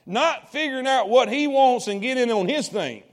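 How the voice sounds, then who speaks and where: High-voiced preacher man. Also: lively intonation, normal speed. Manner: call-and-response preaching to congregation. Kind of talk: sermon.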